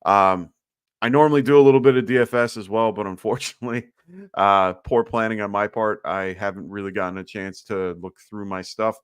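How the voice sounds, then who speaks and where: A man's voice: fairly low pitch, fairly even intonation, brisk, smooth, no room sound, clean studio sound. A man with a slight lisp hosting a live fantasy football Q&A, talking loosely with lots of fillers and sounding short on sleep. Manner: loose, chatty, many fillers. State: tired from little sleep. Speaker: fantasy football livestream host. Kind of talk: casual live Q&A commentary.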